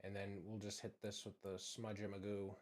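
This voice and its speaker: Casual host with a Boston accent: relaxed, rambling, salty, slightly low-pitched. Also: male voice, normal speed. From just south of Boston. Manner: rambling, profane, laid-back. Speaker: channel host. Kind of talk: casual chat while drawing.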